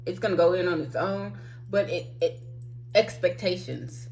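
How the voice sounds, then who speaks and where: A woman's voice: on the low side, steady tone, normal speed, darkish tone, slight background noise, rough recording. A woman hosting a spiritual self-help talk, preaching emphatically with frequent swearing and sudden outbursts.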